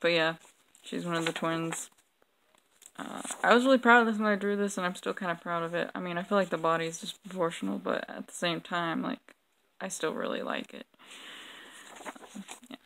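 A woman's voice: lowish voice, steady tone, fairly quick, gravelly, a bit bright, a little hiss or hum, poor audio. A young woman vlogging casually, rambling and mocking herself with lots of ums. She has a sore throat and keeps smacking her lips. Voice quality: lip-smacking. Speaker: vlogger reviewing her old drawings. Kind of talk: casual chat.

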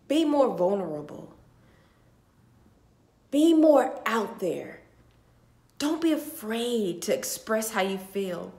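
Young woman vlogger, tearful and sighing, a little high-pitched, heartfelt and repetitive, phone camera in an echoey room. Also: sing-song, slow, long pauses. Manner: heartfelt, repetitive, swinging between hushed and loud. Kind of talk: emotional talk to camera. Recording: roomy echo.

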